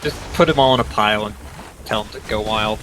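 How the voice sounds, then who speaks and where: A man's voice: lowish voice, a little fast. A man chatting on a stream, dropping dry, wry remarks. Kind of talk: casual chat on a stream. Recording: noisy background.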